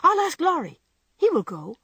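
A woman voicing a clumsy, impulsive and good-hearted teenage girl who talks in quick, bright exclamations. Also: lowish voice, animated, breathy edge, no echo. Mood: eager.

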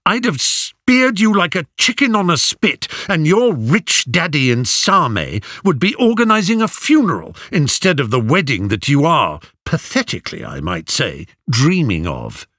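A man's voice: fairly high pitch, sing-song, a little slow, few pauses, sharp tone, dry recording, studio quality, voice pushed up, heavily acted. A man voicing a defiant young prince in a storybook, speaking in heated threats. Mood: furious.

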